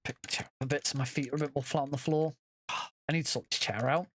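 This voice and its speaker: A man's voice: fairly high pitch, fairly even intonation, fast, a bit bright. A man giving casual, chatty commentary while playing a game, often correcting himself and swearing offhand. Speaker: speedrunner.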